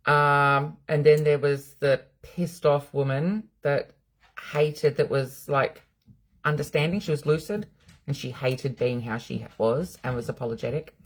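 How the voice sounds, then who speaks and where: A woman's voice: low-pitched, fairly even intonation, a little slow. A middle-aged Australian woman, a psychic medium hosting a live stream from home, chatting casually, bluntly and with plenty of swearing while answering viewers' comments.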